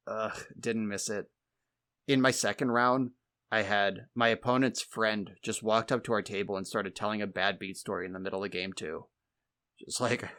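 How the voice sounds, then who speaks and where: A man's voice: fairly low pitch, fairly bright tone. A man co-hosting a podcast, telling exasperated, wry stories in casual chat and swearing freely. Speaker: podcast co-host.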